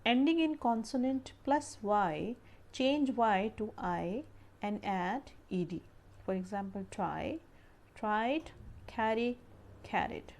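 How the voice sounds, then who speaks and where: A woman's voice: a little high, expressive, slow, darkish tone. A woman teaching English grammar, reading out rules and verb lists as careful drills. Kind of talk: slow grammar lesson narration.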